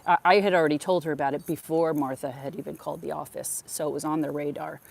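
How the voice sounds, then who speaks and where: A woman's voice: sits low, fairly even intonation, fast talker, gravelly. A middle-aged woman hosting a podcast, chatting through stories in a casual monologue and acting out the conversations she retells. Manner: chatty, acts out quoted conversations. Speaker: podcast host.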